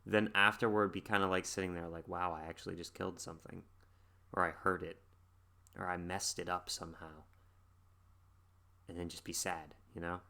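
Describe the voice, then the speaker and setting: A man's voice: low-pitched, flat delivery, moderate pace, long pauses, pushed and bright. A man hosting a music reaction video, thinking aloud in a rambling, casual way with many fillers. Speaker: music reaction channel host.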